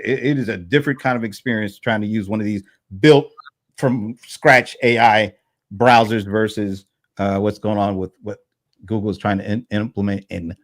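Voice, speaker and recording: A man hosting a casual panel chat, relaxed and rambling, with fillers and restarts. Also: fairly low pitch. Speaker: host.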